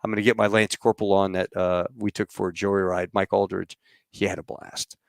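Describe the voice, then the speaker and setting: A middle-aged man hosting a podcast, telling rambling, animated stories about flying and acting out what others said. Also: sits low, fairly quick, gravelly, no room sound, clean studio sound. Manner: rambling, animated storyteller who acts out quotes. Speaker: podcast host. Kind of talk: casual storytelling chat.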